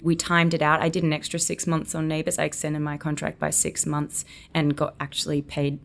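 Low, gravelly Australian woman. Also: brisk. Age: 20s. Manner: chatty, animated storytelling with acted-out quotes. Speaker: actress guest. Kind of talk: casual interview chat.

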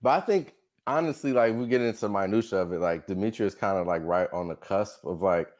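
A man's voice: fairly low pitch, fairly quick, a little mellow. A man co-hosting a podcast, talking in a laid-back way, full of fillers. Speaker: podcast co-host. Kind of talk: casual chat.

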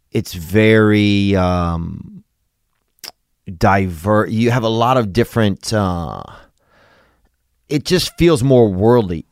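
A man's voice: sits low, no echo, studio quality. A man, hosting a podcast in a laid-back, rambling, joking way. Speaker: podcast host. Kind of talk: casual podcast chat and ad read.

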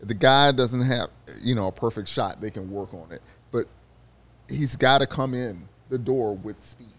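A man's voice: medium pitch, moderate pace. A man, a newspaper reporter sitting in as a studio guest, telling an anecdote in casual sports podcast chat. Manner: storytelling, animated, with restarts and fillers.

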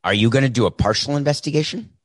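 A man hosts a sports talk show in a sarcastic, mocking monologue. He talks at a mid-range pitch into a desk microphone. The sound is dry, with no room echo. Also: fast talker. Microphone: desk mic with mute button.

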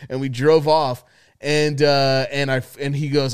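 A man's voice: medium pitch, little pitch movement, a little slow, smooth. A man co-hosting a podcast, rambling through a story with heavy swearing. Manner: rambling, heavily profane storytelling. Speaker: podcast co-host. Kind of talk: casual chat.

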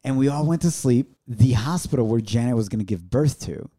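Animated man with a mellow voice. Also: medium pitch, brisk. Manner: animated, acts out quoted dialogue. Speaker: podcast co-host. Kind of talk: casual storytelling chat.

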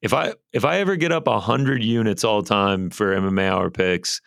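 A man's voice: fairly low pitch, creaky, a bit bright, dry recording, studio quality. A man co-hosting a betting podcast, wry and given to repeating himself in casual chat. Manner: wry, repetitive, quick to agree. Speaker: podcast co-host.

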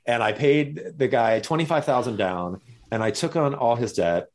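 Appearing as a guest, a man tells a story in casual conversation, animatedly acting out other people's lines in jumpy voices. He has a mid-range voice and speaks at normal speed.

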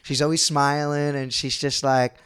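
A man's voice: on the high side, flat delivery, moderate pace, a bit bright, smooth. A man co-hosting a podcast in casual chat, agreeable and chatty. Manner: chatty, agreeable, keeps saying "I know". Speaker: co-host.

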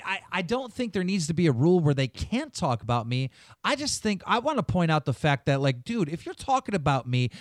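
A man's voice: sits high, fairly bright tone, no echo, studio quality. A man hosting a podcast, ranting in heated, profane, casual talk. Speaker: podcast host.

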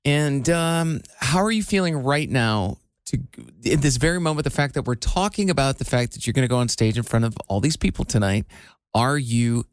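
A man's voice: medium pitch, expressive, normal speed, smooth, no room sound. A man co-hosting a radio show, joking and teasing his co-host in casual banter. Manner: playful, teasing.

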